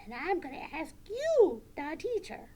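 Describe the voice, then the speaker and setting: Woman doing little boy puppet, very high squeaky voice, excitable, slow careful asking, children's show. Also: heavily acted. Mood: polite.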